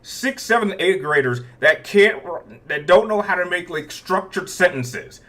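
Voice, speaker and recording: A man in his thirties hosts a casual YouTube Q&A, rambling through viewer questions with frequent restarts and chuckles between answers. His voice is high, animated, and fairly bright, and he doesn't rush.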